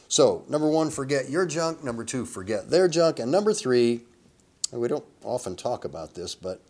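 A man preaching a sermon in a relaxed, conversational way, chuckling often and acting out quoted voices. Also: mid-range voice. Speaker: pastor.

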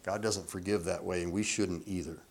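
A man preaching a sermon in a relaxed, conversational way, chuckling often and acting out quoted voices. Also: deep voice, a little fast, breathy edge. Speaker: pastor.

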